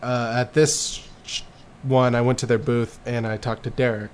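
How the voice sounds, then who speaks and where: A man's voice: medium pitch, little pitch movement, moderate pace, slight background noise. Crude, offhand man in casual chat.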